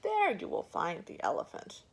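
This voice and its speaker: A woman's voice: on the high side, huge pitch swings, normal speed, husky, voice pushed up, full character voice. A woman voicing a huge, lazy male elephant with one tusk who drawls his evasive answers.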